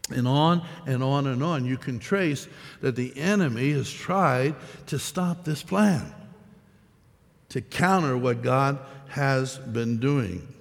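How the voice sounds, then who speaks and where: A man's voice: mid-range voice, big-room sound. A man preaching a sermon in an earnest way, repeating phrases for emphasis. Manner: earnest, repetitive emphasis, measured delivery.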